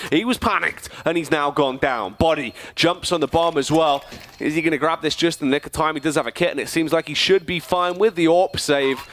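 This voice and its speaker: Male esports commentator, mid-pitched, dramatic build-ups, headset mic, faint game sounds underneath. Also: slight background noise. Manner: dramatic, rising with the action. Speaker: esports caster. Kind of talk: play-by-play commentary.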